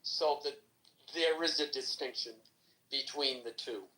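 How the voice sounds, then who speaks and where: A man in a casual political discussion, speaking in a halting, corrective way. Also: mid-range voice, bright, forceful tone, low-quality recording.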